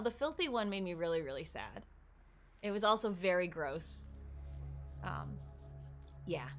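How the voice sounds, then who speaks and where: A woman's voice: mid-range voice, fairly bright tone. A young woman streaming a horror game, chatting casually and thinking aloud, easily spooked. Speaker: gaming streamer. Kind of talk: casual live-stream commentary.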